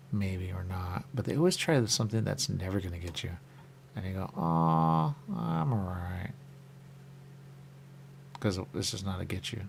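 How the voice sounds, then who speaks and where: A man hosting a radio talk show in rambling casual chat, often jumping into quick high voices to act out what people say. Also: gravelly, a little mellow, slight background noise. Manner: rambling, acts out quick high-pitched quoted voices, repeats "there you go".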